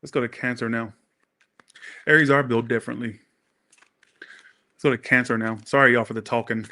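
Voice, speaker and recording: A chatty man giving a tarot reading in a bright, forceful voice. He wanders off on tangents, swears casually and talks straight to his viewers. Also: mid-range voice, steady tone, brisk. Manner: rambling, profane, talks to viewers. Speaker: tarot reader.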